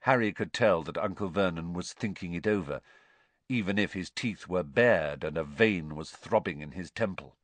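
A man reading a story aloud with an expressive, lively delivery. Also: deep voice, moderate pace, no echo. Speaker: audiobook narrator. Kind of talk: scripted storybook narration.

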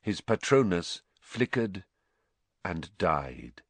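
A man narrating a story in a measured, dramatic way. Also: deep voice, sing-song, no room sound. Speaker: audiobook narrator.

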